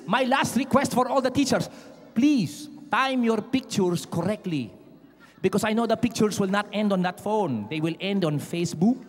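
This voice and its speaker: Animated man bantering on a big stage. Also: sits high, slight background noise. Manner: animated, playful crowd patter. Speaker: concert singer and performer. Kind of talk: stage banter with a live audience. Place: large indoor event stage.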